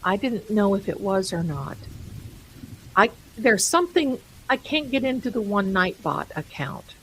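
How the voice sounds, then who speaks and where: A woman's voice: mid-range voice, animated, unhurried, fairly bright tone, slight background noise, rough recording. A woman hosting a live stream, chatting casually and rambling, amused by her own jokes and calling viewers her darlings. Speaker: livestream host.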